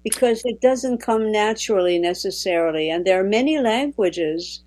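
A woman from Quebec whose first language is French, chatting thoughtfully in conversation, often pausing and restarting her sentences. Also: medium pitch, expressive, darkish tone, rough recording. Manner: thoughtful, with frequent restarts and hesitations. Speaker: guest. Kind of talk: casual conversation.

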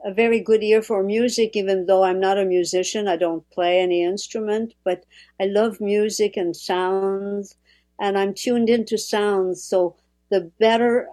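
A woman's voice: mid-range voice, warm tone. A woman from Quebec with a French-Canadian accent, talking casually and reflectively about language and often repeating words as she starts a sentence. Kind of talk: casual conversation.

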